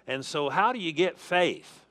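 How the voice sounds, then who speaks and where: Slow, emphatic preacher with a bright voice. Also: male voice, a little high, lively intonation. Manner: emphatic preaching with call-and-response to the congregation; slow and deliberate, repeats key phrases. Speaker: pastor. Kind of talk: sermon.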